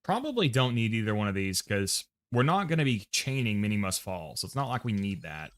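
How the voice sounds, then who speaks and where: A man's voice: on the low side, big pitch swings, fairly quick. A man with an American accent casually talking to himself and reading chat while setting up a game loadout on a livestream. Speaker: streamer.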